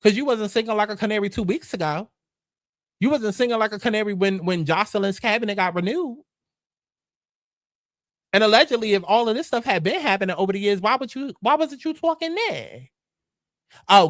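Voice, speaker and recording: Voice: medium pitch, expressive, fairly quick, no echo, studio quality. A gossip show host giving blunt, profane, sassy commentary in a casual, mocking way.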